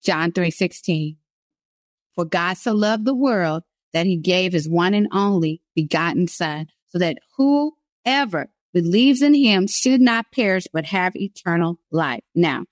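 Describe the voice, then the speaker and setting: A woman's voice: fairly low pitch, normal speed, dry recording, studio quality. A woman giving an earnest devotional sermon, stressing key phrases by repeating them. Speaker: women's devotional speaker.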